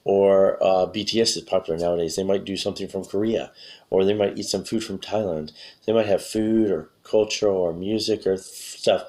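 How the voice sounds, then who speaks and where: Low-voiced man, slightly hoarse. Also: a little mellow. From USA. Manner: rambling, often correcting himself mid-sentence. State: losing his voice, clearing throat. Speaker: English teacher. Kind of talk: casual spoken lesson for learners.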